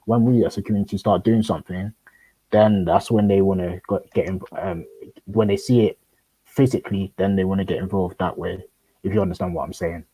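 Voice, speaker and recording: A young man talks in a husky, slightly rough voice, relaxed and joking as he chats online. The sound is dry and close, with no room around it. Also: low-pitched, dry recording, rough recording. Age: young adult. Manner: laid-back, jokey, trailing pauses. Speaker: panelist. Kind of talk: casual online group chat.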